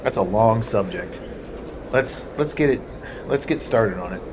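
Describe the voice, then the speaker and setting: A man reading the part of a weary, gruff male Godsman who lectures impatiently, over a noisy home recording. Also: on the low side, animated, measured pace. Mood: weary lecturing. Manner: gruff, dismissive, speechifying.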